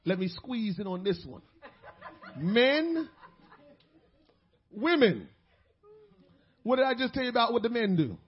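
A man preaching a sermon as pastor, dropping to quiet asides and building to shouted peaks. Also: very high-pitched, big pitch swings, unhurried, long pauses, lo-fi sound.

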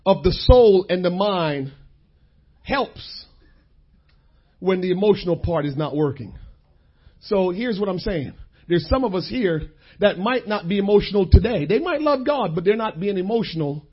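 A man preaching a sermon, repeating key lines and calling out to the congregation in drawn-out phrases. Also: sits high, slightly rough, lo-fi sound.

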